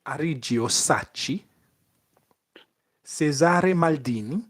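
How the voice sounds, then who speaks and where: A man's voice: a little high, expressive, slow pace. Playful man hosting a casual quiz. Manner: playful, chatty, reads quiz questions. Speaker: podcast co-host, quizmaster. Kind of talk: casual chat.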